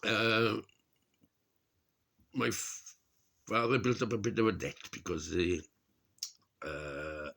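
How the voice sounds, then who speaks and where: A man's voice: fairly low pitch, fairly even intonation, slow pace, creaky, pauses often, fairly bright tone. A middle-aged man from Wales, rambling and grumbling to camera, swearing a lot and laughing at his own remarks. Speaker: vlogger. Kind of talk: rambling casual monologue.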